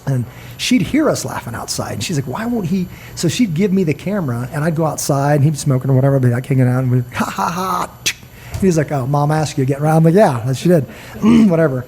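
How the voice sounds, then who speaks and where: A man's voice: fairly high pitch, expressive, rapid-fire, hardly any pauses, mellow. A middle-aged man hosting a podcast, telling a long story in a rambling, earnest way and acting out what people said. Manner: rambling, earnest, acts out quoted dialogue. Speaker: podcast host. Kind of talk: casual storytelling chat. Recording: faint background noise.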